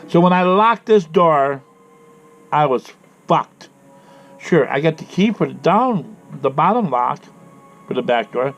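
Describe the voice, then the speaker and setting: Swearing, congested man ranting. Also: fairly high pitch. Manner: angry, swearing, repeats himself. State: head cold. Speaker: vlogger. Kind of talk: ranting personal vlog. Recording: dull lo-fi sound with faint noise.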